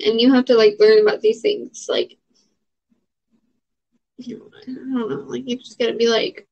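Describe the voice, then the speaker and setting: Young woman vlogger, slightly high voice, chatty and rambling, muffled lo-fi recording. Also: steady tone, normal speed, darkish tone. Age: young adult. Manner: rambling, filler-heavy, frank. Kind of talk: casual chat answering question prompts. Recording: dull lo-fi audio.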